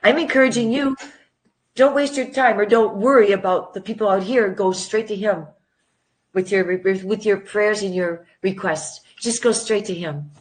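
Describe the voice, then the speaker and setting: A woman's voice: mid-range voice, fairly even intonation, moderate pace. An older woman speaking earnestly as a guest in a conversation, encouraging prayer. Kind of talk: casual conversation.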